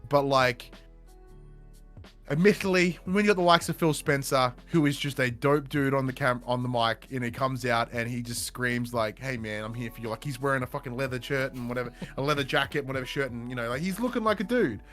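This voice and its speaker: A man hosting a podcast in casual chat, animated and emphatic, swearing offhand. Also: medium pitch, fairly quick, soft background music. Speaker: podcast host.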